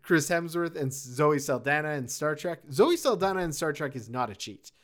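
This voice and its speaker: Male podcast co-host, slightly high voice, animated and laughing, casual chat. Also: normal speed.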